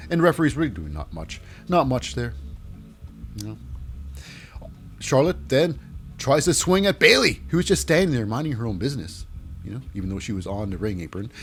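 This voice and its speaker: A man casually recapping a wrestling show, rambling with many fillers and self-corrections. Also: on the high side. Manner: rambling, filler-heavy, animated.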